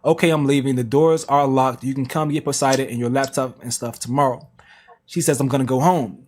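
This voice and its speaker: A man's voice: medium pitch, fairly even intonation, fairly quick, a little mellow. A man reading text messages aloud on a reaction stream, with slangy asides. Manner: plain reading broken by slang asides and laughs.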